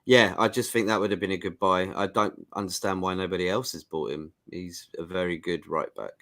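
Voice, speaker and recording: A man's voice: low-pitched, steady tone, a little fast, sharp tone. A man hosting a casual football podcast, speaking in a hesitant, stumbling, agreeable way. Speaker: host.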